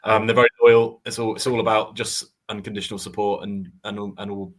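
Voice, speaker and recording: A man's voice: fairly low pitch, level tone, fairly quick. A man from Oxford co-hosting a football fan podcast, chatting casually with lots of fillers. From Oxford, England. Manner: enthusiastic, rambling with fillers. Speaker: podcast co-host. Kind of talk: casual chat.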